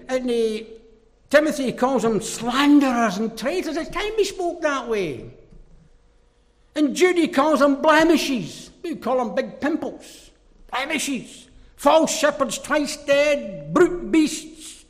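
High-voiced emphatic male preacher in a hall. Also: animated, unhurried. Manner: emphatic, swings from loud declarations to low mocking asides. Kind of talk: sermon. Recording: reverberant hall.

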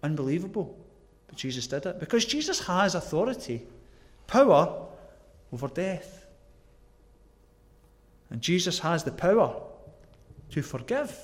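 A man's voice: high-pitched, sing-song, a little slow, long pauses. A man from Scotland with a Glasgow accent preaching a sermon, earnest and emphatic, asking the listeners questions. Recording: long echoey hall reverb.

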